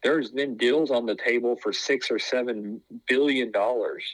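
A man's voice: mid-range voice, a little slow, a bit bright, no room sound, poor audio. A man chatting casually as a podcast co-host, rambling with lots of fillers and restarts. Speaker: podcast co-host, former wrestling tryout. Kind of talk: casual chat.

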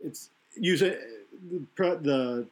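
This man's voice is fairly high and his pace is slow. He hosts a podcast and chats casually about wrestling, rambling at length, restarting and correcting himself as he analyzes.

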